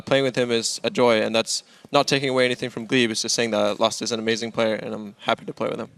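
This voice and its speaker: A man's voice: mid-range voice, fairly bright tone, dry recording. A man answering post-match interview questions as a pro gamer, recounting plays in a candid, upbeat way.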